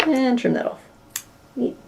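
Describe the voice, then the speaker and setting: A woman's voice: sits high, big pitch swings, a little slow, gravelly, lo-fi sound, noisy background. Young woman, West Australian accent; casual, self-deprecating live-stream chat while crafting. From Western Australia. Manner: chatty and self-deprecating, narrating her hands-on work. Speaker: crochet streamer.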